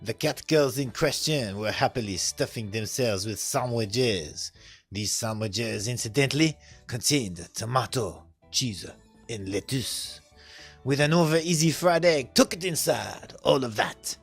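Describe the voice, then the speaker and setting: A man reading a visual novel aloud on stream, animated and often laughing. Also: mid-range voice, unhurried, slightly rough, faint music behind.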